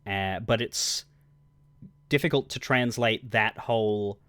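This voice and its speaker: A man's voice: lowish voice, slow pace, fairly bright tone, clean tone, dry recording. A man streaming a game, chatting casually in a rambling, wry and crude way. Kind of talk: casual livestream commentary.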